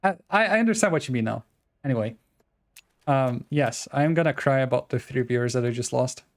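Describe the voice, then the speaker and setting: Gravelly self-mocking male game streamer. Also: mid-range voice, animated, a little fast. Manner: self-deprecating, rambling, joking. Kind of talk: casual live-stream chat while gaming.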